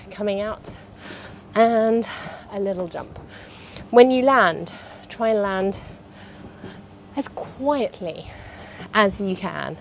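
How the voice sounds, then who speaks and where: A woman's voice: medium pitch, takes it slowly. Lady in her 30s coaching a workout, chatty and encouraging, bit of faint noise behind. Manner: chatty and encouraging, cueing movements. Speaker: fitness instructor. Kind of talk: guided workout instruction.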